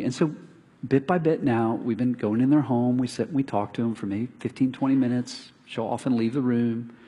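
A middle-aged pastor with a husky, medium-pitched voice preaches at normal speed. The hall is reverberant, and his sermon unfolds through animated stories where he performs the neighbors' dialogue and that of others.

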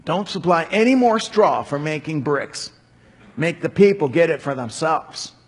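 A man's voice: a little high, lively intonation, a little slow, husky. A man voicing an angry, domineering Egyptian king who barks harsh orders. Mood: commanding. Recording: long hall reverb.

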